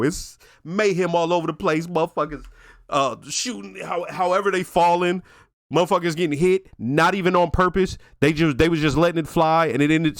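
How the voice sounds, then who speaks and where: A man's voice: on the high side, no room sound, clean studio sound. A man hosting a casual reaction and review, swearing freely and retelling scenes with exclamations. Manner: profane, animated storytelling with exclamations. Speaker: reaction video host.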